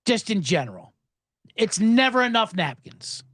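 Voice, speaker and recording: A man's voice: sits high, moderate pace, no echo, studio quality. A man hosting a podcast, ranting sarcastically with swearing and acted-out dialogue. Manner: animated, sarcastic, swears, acts out snippy dialogue. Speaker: podcast host. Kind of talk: comedic rant.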